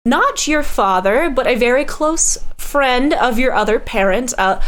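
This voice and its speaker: A woman narrating a tabletop game as game master in a measured, descriptive way. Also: a little high, animated, fairly bright tone.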